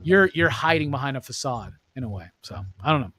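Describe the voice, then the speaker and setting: A man's voice: mid-range voice, animated, fairly quick, pushed and bright, no room sound. A man hosting a casual movie review chat, loose and profane, acting out lines in joking voices. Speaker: host.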